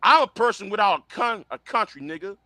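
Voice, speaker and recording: Stammering man with a high bright voice. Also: animated, a little fast. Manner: stammering, repeats words when pressed. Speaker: stream panelist. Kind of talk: heated online debate.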